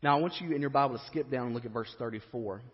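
A man's voice: mid-range voice, very fast. A man preaching a sermon in a church, telling a story with strong emphasis. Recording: reverberant hall, dull lo-fi.

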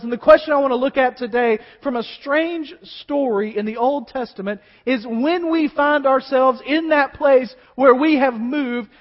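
A middle-aged male pastor with a strikingly high voice preaches a sermon. He keeps it conversational, tossing rhetorical questions and wry asides to the congregation. His voice rings through a long reverberant sanctuary on a dull, muffled recording.

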